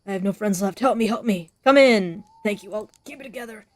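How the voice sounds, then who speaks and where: A woman's voice: mid-range voice, a little fast, no echo, close to an everyday voice. A woman reading as a wild ember-crazed man. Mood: desperate. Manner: loud, agitated reading of game lines. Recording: faint background noise.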